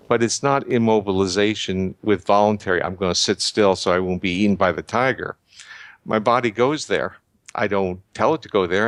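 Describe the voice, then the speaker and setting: An older man giving measured, lecturing explanations as an interview guest, often restarting his sentences. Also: lowish voice, dry recording. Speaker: guest researcher.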